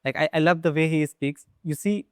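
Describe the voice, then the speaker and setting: A man with an Indian English accent hosts a casual conversation on his channel. His voice is smooth and resonant, recorded dry and close. He talks in a relaxed, agreeable way. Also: on the high side, a little fast, no room sound. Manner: relaxed, agreeable, many short backchannels. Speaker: channel host.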